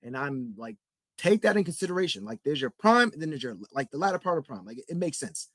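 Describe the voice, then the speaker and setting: A man's voice: fairly high pitch, big pitch swings, quick pace, a bit bright, dry recording. A young man hosting a solo sports podcast, rambling and getting heated, full of "like" and "bro". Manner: rambling, heated, repeats himself with lots of "like" and "bro". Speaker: podcast host. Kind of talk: solo sports talk rant.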